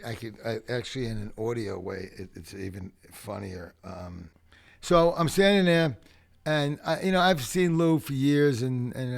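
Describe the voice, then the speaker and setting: A man from the Bronx with a gravelly edge, talking at an everyday mid pitch. He tells his stories with animated, profane energy and acts out the people in them. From the Bronx, New York. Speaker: podcast guest, punk rock singer. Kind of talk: casual storytelling interview.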